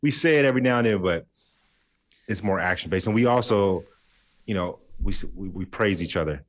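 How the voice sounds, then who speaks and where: Deep-ish guy joking around in a chill chat, laughs a lot. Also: lively intonation, brisk. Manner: playful, jokey, laughs while imitating friends. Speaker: podcast co-host. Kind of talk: casual chat.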